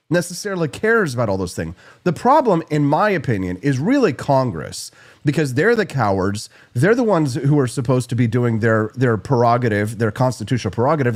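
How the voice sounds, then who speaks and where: A man's voice: on the high side, darkish tone. A man from Missouri hosting a live-streamed political talk show, opinionated and jokey.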